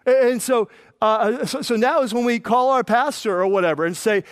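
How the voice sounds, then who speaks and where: A man preaching a sermon, reading scripture and acting out the voices in it with lively emphasis. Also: extremely high pitch, normal speed, clean tone, no room sound, clean studio sound. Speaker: pastor.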